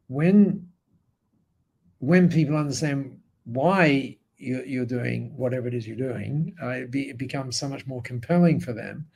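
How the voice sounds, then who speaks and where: An Australian man, a podcast guest, telling a story in an animated way with frequent restarts and tag questions. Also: mid-range voice, gravelly, breathy edge. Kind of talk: storytelling in an interview.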